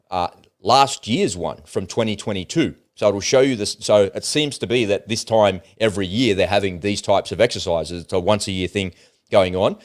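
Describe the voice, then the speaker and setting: A man co-hosting a casual livestream, talking bluntly and animatedly, with frequent swearing. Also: on the low side. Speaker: co-host.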